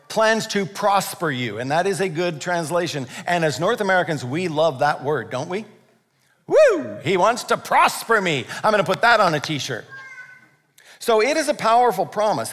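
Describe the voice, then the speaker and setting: A man preaching a sermon as pastor, animated, with dramatic scripture readings and quick jokes. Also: a little high. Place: church sanctuary. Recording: long reverb of a large hall.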